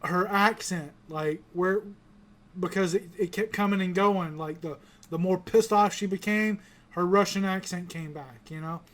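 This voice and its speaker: A man with a notably high voice, hosting a loose review podcast. He rambles, restarts his sentences and swears casually as he goes. He grew up in the American South. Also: unhurried, a bit bright. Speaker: podcast host. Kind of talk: casual pop-culture review chat.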